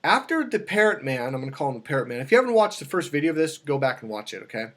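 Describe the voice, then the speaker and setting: A man's voice: a little high, racing. A man coaching on dating, talking casually to camera and telling a story with lots of restarts and self-corrections. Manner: animated storytelling, acts out quoted dialogue.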